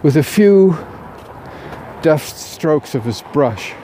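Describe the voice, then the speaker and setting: Man telling a story off the cuff, mellow voice, lots of ums and restarts, faint noise behind. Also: a little high, animated. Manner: unscripted, halting, with fillers and restarts. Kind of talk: oral storytelling of a parable.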